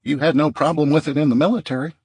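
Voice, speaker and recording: A man's voice: fairly high pitch, fairly even intonation, quick pace, darkish tone, breathy edge, no room sound, pitched above the performer's own voice. A man voicing a weary, argumentative male survivor who presses his point in an audiobook. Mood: pressing.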